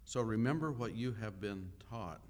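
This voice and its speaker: Male pastor, lower voice, unhurried conversational sermon with many pauses. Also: animated. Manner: unhurried teaching with frequent "uh" pauses; conversational, asks the listeners questions.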